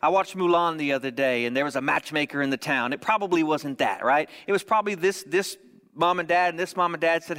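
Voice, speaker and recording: A man's voice: on the high side, animated, a little fast, a bit bright, long reverb tail. A man preaching a sermon in a conversational way, often checking in with "right?". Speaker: pastor.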